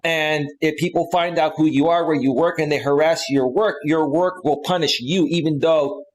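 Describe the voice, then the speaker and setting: A man in his forties from California, hosting a live stream panel in a rambling, animated way. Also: a little high, normal speed, low-quality recording. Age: 40s. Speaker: host.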